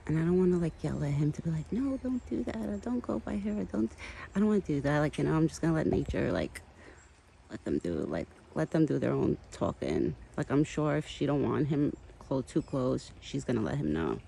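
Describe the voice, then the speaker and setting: A woman's voice: low-pitched, sing-song, a little fast, creaky, dark tone, slightly rough. A woman casually chatting while filming her pet deer in the backyard, affectionate and full of "like"s. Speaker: vlogger caring for a pet deer. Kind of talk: casual outdoor vlog chat. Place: outdoors in a backyard.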